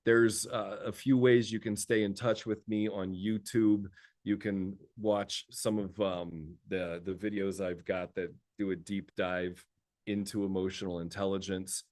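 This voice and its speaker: A man working as an executive coach, talking casually and telling stories with frequent laughter and repeated words. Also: on the low side. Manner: lively storyteller who laughs often; repeats words while thinking. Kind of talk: casual conversational talk.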